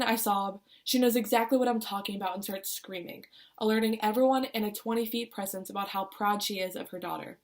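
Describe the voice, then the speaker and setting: A woman's voice: medium pitch, fairly quick. A young woman reading her own personal essay aloud, putting feeling into her quoted lines. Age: young adult. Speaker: student reader.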